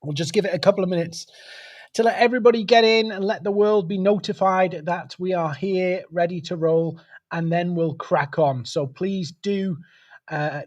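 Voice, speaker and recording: Male webcast host, slightly high voice, casual and chatty. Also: darkish tone, lo-fi sound. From United Kingdom. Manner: chatty, greets viewers by name. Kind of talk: live webcast chat.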